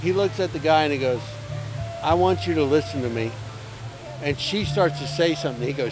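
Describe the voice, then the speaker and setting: A man's voice: on the high side, a little fast, over music, poor audio. A man who flies airliners, casually telling an anecdote and acting out the people in it. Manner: animated anecdote-telling with acted-out quotes. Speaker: airline pilot telling stories. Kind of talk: casual storytelling.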